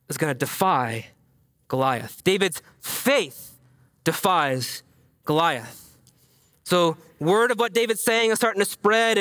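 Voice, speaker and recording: A man preaching with a high, bright voice that carries. He talks casually and conversationally. He moves between raised, animated emphasis and quiet, near-whispered passages. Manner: casual, conversational phrasing with many fillers. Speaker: pastor. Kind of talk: sermon.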